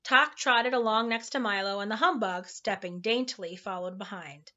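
A woman reading a children's novel aloud in a relaxed, informal way, tripping over hard words now and then. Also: a little high, normal speed, lo-fi sound. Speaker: storybook reader.

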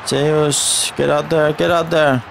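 A young man commentating his own football video game match as he plays, cheering, chanting and shouting at the referee. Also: fairly high pitch, flat delivery, slow pace, creaky, noisy background. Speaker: gaming channel host. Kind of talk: live gameplay commentary.

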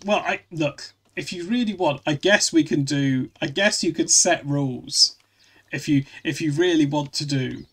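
Guy streaming, gravelly slightly high voice, rambly, keeps restarting sentences. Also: normal speed, fairly bright tone. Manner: rambling, restarts often, reads chat aloud. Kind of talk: casual live-stream chat.

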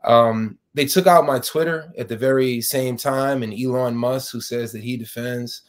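A man with a New York accent speaks as an interview guest. His voice sits at a middle pitch. He argues his case in an impassioned way, restarting often and pushing harder when indignant. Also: fairly even intonation, normal speed. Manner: many restarts, rising intensity when indignant. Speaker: fired professor, guest.

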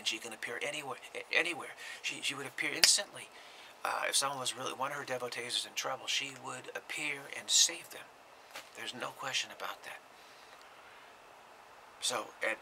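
A man, a spiritual teacher, giving an informal talk to viewers, often dropping into a breathy whisper and repeating words as he goes. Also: mid-range voice, brisk, background noise.

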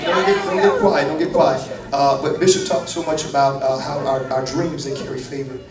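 A man preaching a live church sermon, joking with the congregation and swinging from quiet asides to shouted praise. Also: medium pitch, steady tone, moderate pace, far from the mic, heavy background noise. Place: large church hall with congregation. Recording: echoey hall, crowd, from off-mic. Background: congregation responding.

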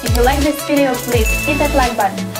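A woman whose first language is not English, teaching an online English lesson with clear, careful delivery. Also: sits high, brisk, loud music behind the voice.

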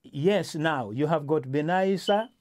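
Man hosting a casual political talk, slightly high voice, hesitant, lots of restarts and fillers. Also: a little slow, a little mellow. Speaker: host.

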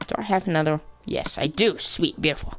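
A man's voice: a little high, fairly quick, fairly bright tone, soft background music. A man giving casual let's-play commentary as a gaming channel host, rambling playfully, mocking himself and adding silly sound effects.

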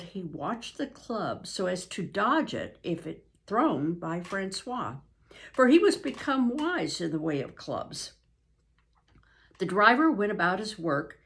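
An older woman, a grandmother, reading a novel aloud in an unhurried way with frequent ums and restarts. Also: medium pitch.

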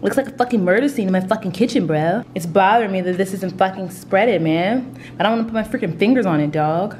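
Woman plays cursing, fed-up young dude-bro, fast exasperated rant. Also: medium pitch, a little mellow, slight background noise, lightly acted.

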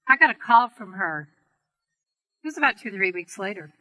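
A middle-aged woman teaching on healing prayer, telling a story gently and earnestly to an audience. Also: mid-range voice, very animated, fairly quick, rough recording. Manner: gentle, earnest storytelling with soft quoted voices. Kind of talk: storytelling talk to a seminar audience.

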